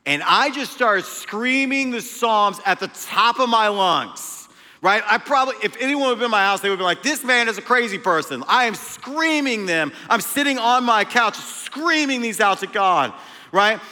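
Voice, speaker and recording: A male preacher gives a sermon in a high, bright voice. He is emphatic and moves between loud passages and hushed ones. A long hall reverb trails his words. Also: lively intonation, normal speed.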